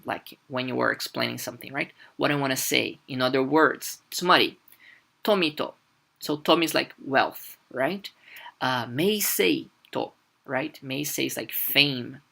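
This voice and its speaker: A woman's voice: rumbling low, creaky, pushed and bright. A woman teaching Japanese in a casual, chatty way, full of fillers and asking "right?" often. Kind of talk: casual language lesson.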